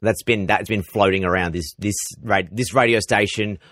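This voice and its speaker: Australian man, lowish voice, dry close sound, animated, many restarts. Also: normal speed, dry recording. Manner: energetic, many restarts and repeated words. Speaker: nightly radio presenter. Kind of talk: interview answers. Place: radio station office.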